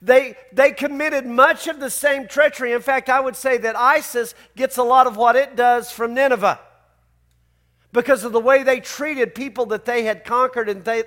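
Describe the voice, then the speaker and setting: A man's voice: extremely high pitch, a bit bright. A man preaching a sermon as pastor, conversational and emphatic, full of rhetorical questions to his church.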